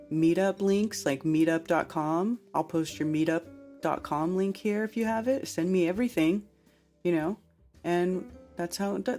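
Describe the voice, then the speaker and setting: A woman hosting a casual livestream chat, laughing easily with callers and talking quietly and offhandedly when alone. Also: on the low side. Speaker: host.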